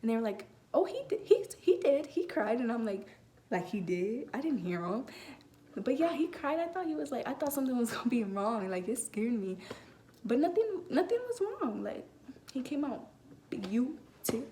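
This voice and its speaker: A woman's voice: on the high side, sing-song, normal speed, dark tone, slight background noise. A teenage girl telling a personal story in a casual vlog, rambling with many fillers and restarts. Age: late teens. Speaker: vlogger.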